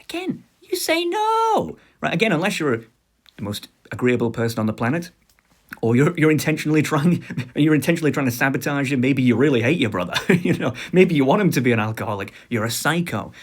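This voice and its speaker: A man in a commentary vlog with a medium-pitched voice who talks through everyday hypotheticals. He keeps checking in with a rhetorical "right?" and lands sarcastic jabs in a loose, conversational way. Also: fast talker. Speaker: commentary video host. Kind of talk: casual scripted commentary.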